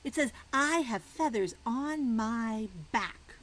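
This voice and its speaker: A young woman reading a picture book aloud to preschoolers, animated and sing-song, stretching words out slowly and dropping into soft whispers. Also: on the high side, slight background noise, low-quality recording. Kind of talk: children's read-aloud.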